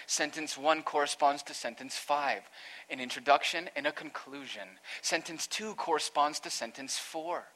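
A man's voice: on the high side, sharp tone. A man, a pastor, preaching an earnest expository sermon that rises to emphatic peaks.

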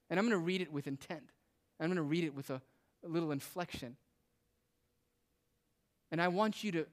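A man preaching a sermon with emphatic, rising and falling delivery. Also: fairly high pitch. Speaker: pastor.

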